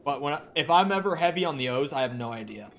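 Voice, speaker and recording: A man's voice: fairly high pitch, fast, a little hiss or hum. A man with a mild Minnesotan accent, rambling casually to his viewers while streaming a game. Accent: Minnesotan, from the Twin Cities. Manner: rambling, animated, swears casually, chats with viewers. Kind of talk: casual livestream chat while gaming. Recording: faint background game music.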